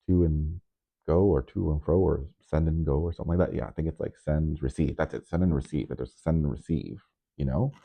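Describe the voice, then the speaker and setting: Low-voiced guy rambling on his vlog, nervous, jumps into squeaky loud bits, sounds like a phone line. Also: gravelly, breathy edge. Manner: rambling, animated, swings suddenly into high loud bursts; nervous on camera. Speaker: DJ and vlogger. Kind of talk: casual vlog monologue. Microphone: microphone.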